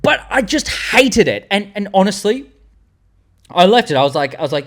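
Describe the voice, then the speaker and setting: A young Australian man in his twenties, hosting a fan tier-list vlog and rambling excitedly with the odd swear word. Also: on the high side, moderate pace. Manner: animated, rambling, swearing, loses words mid-sentence. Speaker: channel host.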